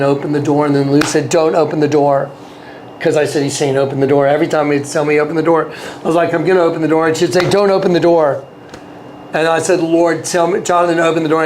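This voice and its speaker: Man, interview guest, higher-pitched, earnest storytelling, repeats lines, faint background hiss. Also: fairly even intonation, fast, a little mellow. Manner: earnest, repeats and acts out quoted dialogue. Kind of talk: casual storytelling.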